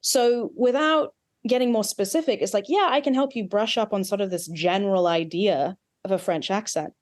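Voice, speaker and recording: Australian-accented woman coach, animated, quick asides, podcast guest. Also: mid-range voice. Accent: Australian with some American influence. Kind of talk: podcast interview.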